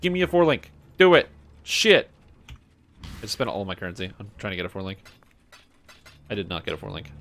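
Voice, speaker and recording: A man's voice: on the low side, creaky. A man in his twenties streaming a game, rambling casually, swearing and chatting to his viewers. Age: 20s. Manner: rambling, swearing, talks to himself and chat. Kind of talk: casual gaming commentary. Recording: music playing behind.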